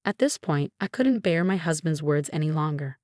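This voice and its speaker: A woman narrating a dramatic family story in a scripted, measured reading voice. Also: low voice, expressive, darkish tone, no echo, clean studio sound.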